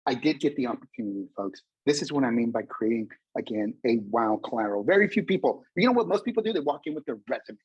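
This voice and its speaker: A man's voice: mid-range voice, quick pace, hardly any pauses, slightly rough, no echo, lo-fi sound. A man presenting a career webinar over a video call, standing up, talking energetically to the audience and acting out bits of dialogue. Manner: energetic, addresses the audience as folks, acts out dialogue; speaks standing up. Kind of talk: motivational webinar talk. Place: indoors, a vacation spot.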